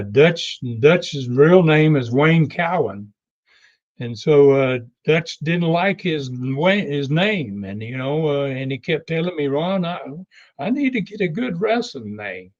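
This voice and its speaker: An older man and guest telling a long anecdotal story, unhurried and full of fillers and restarts. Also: mid-range voice, muffled recording. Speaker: wrestling legend guest.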